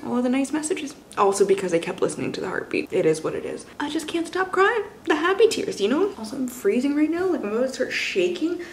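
A woman's voice: high voice, big pitch swings, fast, hardly any pauses, a little hiss or hum. A young woman vlogging at home about books, chatty and casually swearing, cooing at her pets. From Canada. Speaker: book vlogger. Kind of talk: casual vlog chat. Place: at home indoors. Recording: roomy echo.

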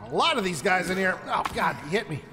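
A man's voice: high voice, very animated, quick pace, big-room sound, loud music behind the voice. A man commentating his own survival game playthrough in a chatty, joking way, talking to the enemies as he fights them. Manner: chatty, jokey, talks to enemies. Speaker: gameplay commentator. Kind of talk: let's play commentary.

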